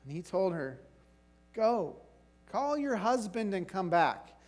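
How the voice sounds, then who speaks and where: A man's voice: high voice, very animated, takes it slowly, a little mellow. A male pastor preaching a sermon in a casual, conversational way, often checking in with "right?" and "like".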